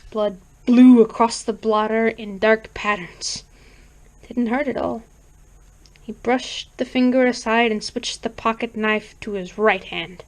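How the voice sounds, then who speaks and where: Woman reader, slow pace, deliberate, audiobook narration. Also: on the high side, poor audio.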